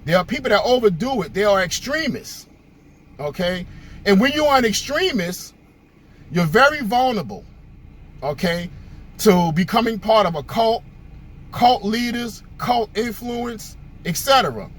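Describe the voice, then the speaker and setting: A man's voice: high voice, lively intonation, unhurried, fairly bright tone, a little hiss or hum. A male host giving a casual, conversational monologue, telling stories with frequent fillers.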